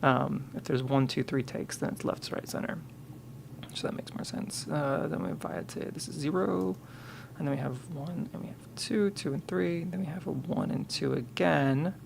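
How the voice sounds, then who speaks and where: A man's voice: on the high side, moderate pace, gravelly, noisy background. A man on a live stream, thinking aloud and muttering to himself, counting and correcting himself as he works.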